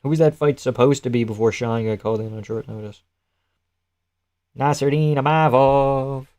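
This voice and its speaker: A man with a mid-range, warm voice speaks quickly while live-streaming, reacting to a fight card. He chats loosely and rambles, answers viewers' messages, and curses now and then.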